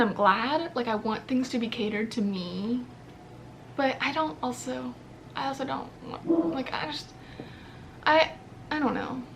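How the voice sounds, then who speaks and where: Rambling young American woman, higher voice. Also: a little hiss or hum. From United States. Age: early 20s. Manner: rambling, filler-heavy, candid, swears. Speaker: vlogger. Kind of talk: casual chat to camera.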